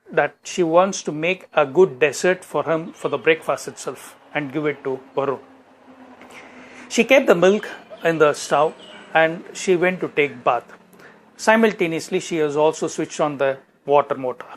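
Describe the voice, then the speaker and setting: A man tells everyday stories to make a motivational point. His voice sits notably high, and he explains things plainly and steadily. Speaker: motivational speaker. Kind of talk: storytelling talk.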